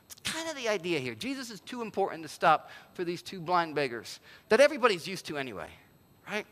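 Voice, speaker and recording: A man delivers a sermon in a large hall, and his words ring out with a long reverb. His voice is high and bright. He shifts from lively, raised preaching to soft, hushed asides. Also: fast. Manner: animated preaching, voices quoted figures, drops to near-whisper for emphasis. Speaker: pastor.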